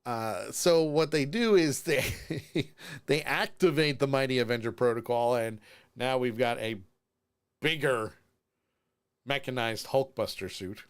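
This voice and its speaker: With a clear, resonant, medium-pitched voice and a slightly slow pace, a weary podcast co-host recaps a show casually on a live stream from his house. He animates the story by performing quotes and laughs frequently.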